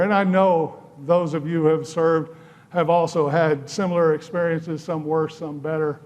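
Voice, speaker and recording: A man, a pastor preaching a sermon, telling a personal story with dry humor and measured pauses. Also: a little high, fairly even intonation, a little mellow, lo-fi sound. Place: church sanctuary.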